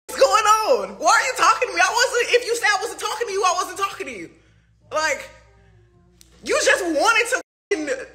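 A woman's voice: sits high, pushed and bright. A young woman in a heated, profane livestream rant, firing off rhetorical questions. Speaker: artist speaking to fans.

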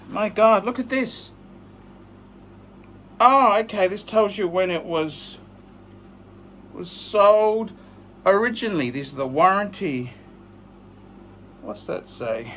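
A middle-aged man hosting his own vlog, chatting casually through a live unboxing, excitable and humming to himself as he opens a parcel. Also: high voice, slow pace, long pauses, a little hiss or hum. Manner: excitable, hums while working, mock-sarcastic. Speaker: vlog host.

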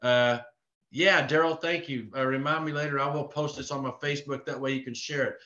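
A man's voice: medium pitch, steady tone, brisk, bright, forceful tone. A man from Texas giving a live online sales training, earnest and repetitive in his coaching. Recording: echoey room, dull lo-fi sound.

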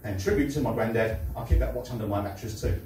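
A man from London with a Cockney accent, doing a stand-up comedy set with deadpan one-liners and pauses before punchlines. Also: fairly low pitch, slight background noise. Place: comedy club stage. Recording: echoey room, heard from a distance.

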